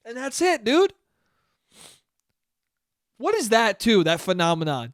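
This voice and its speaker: A man's voice: sits high, very animated, a little fast, a bit bright, no room sound, studio quality. A young man hosting a solo podcast in a casual, rambling, profane and self-deprecating way. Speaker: podcast host.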